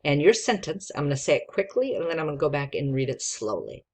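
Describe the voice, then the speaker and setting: A woman's voice: sits low, sing-song, fast talker, darkish tone. A woman teacher giving a patient, encouraging spelling lesson to young children and sounding out letters.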